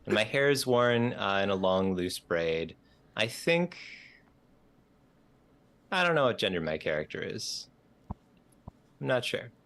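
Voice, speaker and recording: A man's voice: fairly low pitch, expressive, a little slow, pauses often, a bit bright. A man from Canada playing a tabletop role-playing game on a livestream, joking playfully as he describes his character. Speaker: player.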